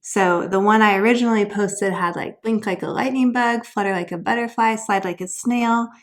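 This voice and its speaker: A woman's voice: mid-range voice, normal speed. A woman sharing homeschool tutoring ideas in a casual, upbeat instructional video, explaining each activity and then showing how it goes.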